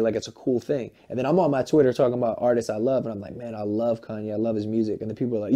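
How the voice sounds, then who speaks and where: A man in his late twenties, a musician being interviewed, talking in an animated, rambling, profane way and acting out what other people say. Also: medium pitch, racing, few pauses, dull audio. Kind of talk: candid interview talk.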